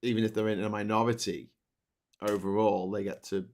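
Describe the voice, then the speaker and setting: A man's voice: on the low side, flat delivery, brisk, a little mellow. A British man hosting a live stream, chatting casually with sarcastic jokes and playful asides. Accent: British English. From Britain. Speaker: livestream host.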